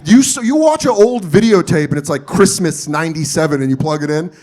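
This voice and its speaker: A male stand-up comedian with a fairly high voice that swoops all over the place as he tells his stories. He swears freely and keeps jumping into loud, exaggerated impressions of the people in them. The set is performed on a comedy club stage. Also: fairly quick. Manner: animated storytelling, profane, jumps into loud exaggerated character voices.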